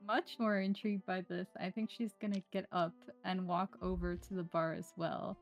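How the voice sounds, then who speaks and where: A woman playing a tabletop game, calmly describing her character's actions, with soft music behind. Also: on the low side, moderate pace, gravelly. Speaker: player.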